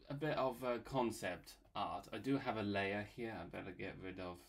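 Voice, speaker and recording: A man's voice: on the low side, normal speed, hardly any pauses. A man narrating a casual drawing video in a playful, rambling way, wandering off on silly tangents while he works at his computer. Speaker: illustrator and video creator.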